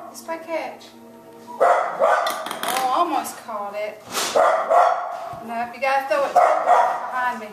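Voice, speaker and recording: A woman's voice: high-pitched, animated, takes it slowly, long pauses, heavy background noise. A woman in a home video, coaxing and playfully baby-talking to her pet bird as she tries to get it to play catch. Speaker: pet owner. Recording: roomy, distant home video with loud music.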